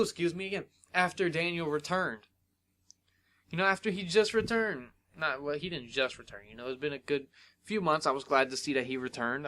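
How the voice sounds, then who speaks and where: Excitable young man hosting a podcast. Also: on the high side. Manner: excitable, animated retelling with many fillers. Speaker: podcast host. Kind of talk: solo wrestling review podcast.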